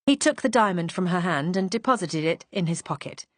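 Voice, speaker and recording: A woman's voice: lowish voice, expressive, brisk, no echo. A woman reading a first-person mystery audiobook in a composed, wry storytelling manner. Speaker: audiobook narrator.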